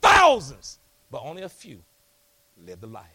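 A man preaching a lively sermon in a church, folksy and rousing, calling out to the congregation. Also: high-pitched, normal speed. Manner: folksy, rousing, call-and-response. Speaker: pastor. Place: church hall.

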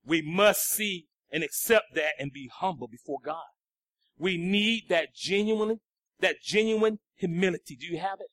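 High, bright preacher swinging from shouts to hush. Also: male voice, a little slow, dry recording, clean studio sound. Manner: preaching with sudden swings from shouts to hushed lines. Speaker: pastor. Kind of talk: sermon.

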